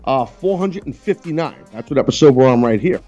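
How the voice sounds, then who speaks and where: A man's voice: medium pitch, expressive, fairly quick, dark tone, dull audio, faint music behind. A man hosting a radio talk show, chatting loosely and teasing his co-hosts. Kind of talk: casual on-air banter.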